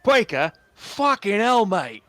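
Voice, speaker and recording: A man's voice: a little high, moderate pace, a bit bright, no room sound. A man voicing a boisterous, swearing male pirate quartermaster who greets old crewmates in hearty, matey speech. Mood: jovial.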